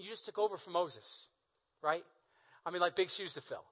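A male preacher delivers a sermon in a lively, storytelling way, dropping into slang and asking the listeners to imagine themselves in the story. His voice is high for a man and sounds bright and edgy. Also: normal speed, rough recording. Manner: animated storytelling, casual slang. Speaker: pastor.

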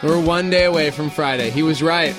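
A man's voice: on the high side, a little fast, music in the background. A man co-hosting a morning radio show, joking along while sick with a frog in his throat. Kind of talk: playful morning radio banter.

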